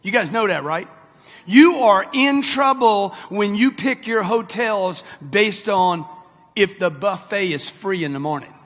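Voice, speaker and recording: A man's voice: high-pitched, animated, a little slow, a bit bright. A man in his sixties giving a brash, punchy motivational talk straight at a live audience. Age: 60s. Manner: brash, punchy, addresses the crowd directly. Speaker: motivational speaker. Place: large event hall with an audience. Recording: long reverb of a big hall.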